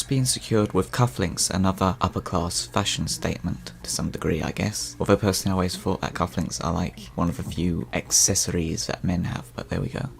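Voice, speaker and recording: Low-voiced man musing through game lore. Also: slight background noise. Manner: musing, with offhand personal asides. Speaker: game lore video narrator. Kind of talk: scripted commentary narration.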